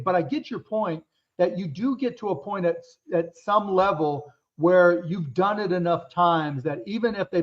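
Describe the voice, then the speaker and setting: Man, fifties, high voice, blunt and candid, swears casually, muffled lo-fi audio. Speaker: guest entrepreneur. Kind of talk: casual interview storytelling. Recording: dull lo-fi sound.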